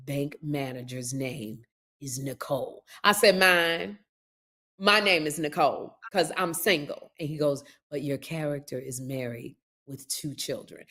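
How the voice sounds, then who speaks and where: A middle-aged woman hosting a podcast, telling stories in casual chat and acting out the people in them. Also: low voice. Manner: animated storyteller, lively retellings with laughs. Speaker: podcast host.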